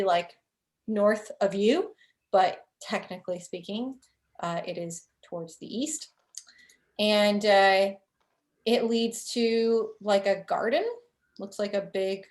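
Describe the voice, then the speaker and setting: A woman game master narrating a tabletop game in a relaxed, rambling way full of fillers. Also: mid-range voice.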